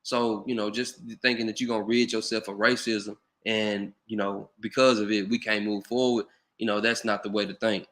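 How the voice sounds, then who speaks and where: Rambling man, bright voice. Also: lowish voice, level tone, normal speed. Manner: loose, conversational, lots of "you know". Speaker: channel host. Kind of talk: casual commentary monologue.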